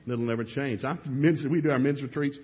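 A middle-aged man preaching a sermon, telling lively stories and acting out his own outbursts. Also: mid-range voice, fairly quick. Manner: animated storytelling with shouted re-enactments. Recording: echoey hall, dull lo-fi sound.

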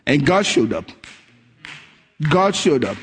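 Male preacher, slightly raised pitch, animated storyteller who voices his characters. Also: takes it slowly, slight background noise. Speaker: pastor. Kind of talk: sermon.

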